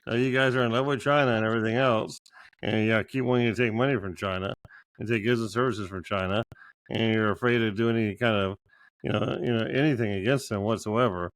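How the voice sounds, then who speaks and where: Male co-host, combative debater, mid-pitched, dry close sound. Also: fairly even intonation, fairly quick, dry recording. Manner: argumentative, repeats words when interrupted. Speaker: podcast co-host. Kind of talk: heated political debate.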